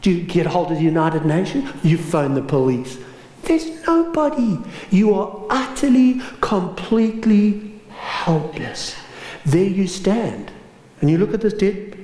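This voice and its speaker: A man preaching a sermon. He tells a story with dramatic swings between raised and hushed delivery. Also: high voice, sing-song, a little slow. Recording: roomy echo.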